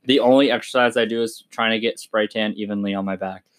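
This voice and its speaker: A man's voice: lowish voice, steady tone, quick pace, background noise. A young man co-hosting a podcast in casual chat, teasing and blunt. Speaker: podcast co-host.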